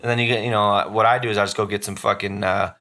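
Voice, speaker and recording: A man hosting a podcast in casual chat, telling rambling, profane stories full of "dude" and "bro", and jumping up in pitch when he quotes someone. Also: racing. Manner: animated, jumps up in pitch for quoted voices. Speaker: podcast host.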